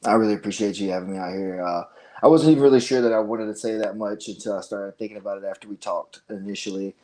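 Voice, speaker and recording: A man's voice: on the low side, fairly even intonation, fast, darkish tone, low-quality recording. A man speaking as a guest on a casual podcast, earnest and easygoing. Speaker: guest, gym owner.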